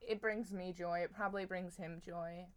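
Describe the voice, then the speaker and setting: A woman's voice: lowish voice, steady tone, normal speed, clear, resonant tone. A young woman co-hosting a casual podcast chat, chatty and laughing often, turning earnest when she explains something. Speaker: podcast co-host.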